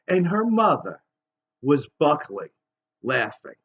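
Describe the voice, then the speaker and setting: This man, a vlogger in his fifties, has a slightly high voice and an unhurried, very animated delivery. He spins a long, meandering story as a casual monologue, imitating other people's voices, captured in dull lo-fi sound.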